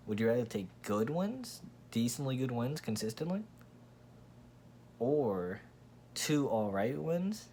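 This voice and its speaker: A man hosting his own MMA commentary channel delivers a blunt, profane, rambling opinion rant in a casual way, restarting often. His voice sits on the low side and is a little mellow, with a little hiss or hum in the recording.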